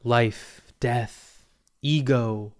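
A man hosting a casual solo podcast, telling a story in a profane, rambling, animated way with a phlegmy throat. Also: medium pitch, extremely slow. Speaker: podcast host. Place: Portland. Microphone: podcast mic.

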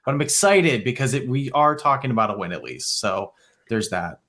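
A man's voice: mid-range voice, expressive, normal speed, a bit bright. Fired-up candid sports writer man. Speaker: sports writer, podcast guest. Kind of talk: casual sports podcast chat.

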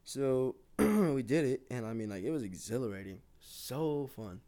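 A man's voice: medium pitch, expressive, unhurried, warm tone. A young man chatting casually, laid-back and agreeable, swearing in passing while telling his own story. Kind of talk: casual chat.

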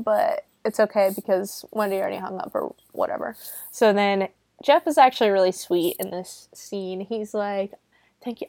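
A woman's voice: mid-range voice, moderate pace, darkish tone, no room sound. A woman casually recapping a film, chatty and full of filler words, swearing freely. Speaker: film reviewer.

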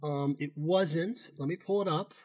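A man's voice: fairly high pitch, a little slow, a little mellow, slightly rough. A man co-hosting a casual sports betting chat, loose and profane, rambling with restarts. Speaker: podcast co-host.

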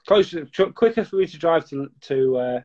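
Guest slot: gruff-mouthed northern English man, Scouse-sounding accent, fairly high voice, muffled lo-fi webcam sound. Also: expressive, normal speed, darkish tone. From northwest England, near Liverpool. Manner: blunt, profane, banter-heavy. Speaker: guest gecko breeder. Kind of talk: casual, sweary live chat. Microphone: webcam on a live video call.

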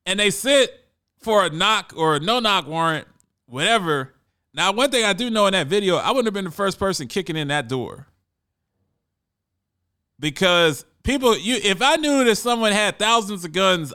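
A man's voice: high voice, very animated, normal speed, pushed and bright, smooth. A man telling a story in a casual monologue, conversational and often repeating words as he restarts.

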